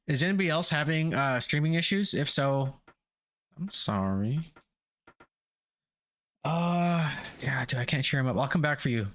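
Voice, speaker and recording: A man's voice: fairly high pitch, animated, moderate pace, pauses often, a bit bright. A man streaming a video game, chatting casually and profanely with his viewers in a rambling, joking way. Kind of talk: casual live-stream chat while gaming.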